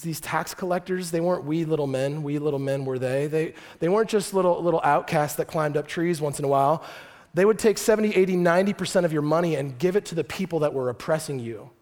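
Lively storytelling male pastor. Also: a little high. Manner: lively storytelling with joking asides. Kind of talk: sermon.

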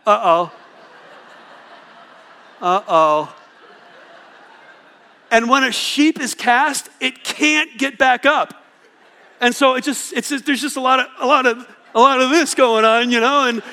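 Male pastor, bright high voice, animated rambling sermon delivery, echoing hall. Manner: animated, rambling with many restarts, acts out sheep and God in little voices.

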